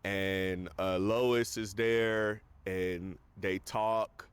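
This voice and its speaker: A man's voice: low voice, steady tone, extremely slow, clean tone, no echo. A man casually recapping a movie on a podcast, rambling with lots of fillers. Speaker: podcast host.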